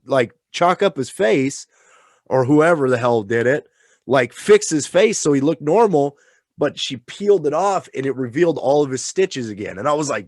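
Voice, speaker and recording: A man co-hosting a casual chat who talks in an excited, rambling, profane way and sounds tipsy. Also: mid-range voice, normal speed, dry recording, clean studio sound. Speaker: podcast co-host.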